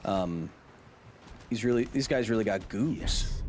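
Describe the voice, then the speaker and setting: A man's voice: on the low side, measured pace, pauses often, slight background noise. A man in his thirties streaming a game, joking and chatting casually with his viewers. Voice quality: animated, jokey, talks to chat. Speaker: gaming streamer.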